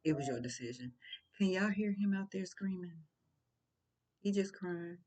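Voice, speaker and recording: A woman's voice: fairly low pitch, animated, a little slow, warm tone. An older woman giving casual, preachy commentary, blunt and full of rhetorical questions. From St. Louis.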